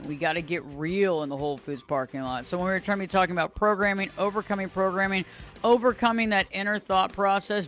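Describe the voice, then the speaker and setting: A woman's voice: on the low side, fairly bright tone. A woman hosting a radio talk show, speaking conversationally, repeating phrases for emphasis. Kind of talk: solo talk radio monologue.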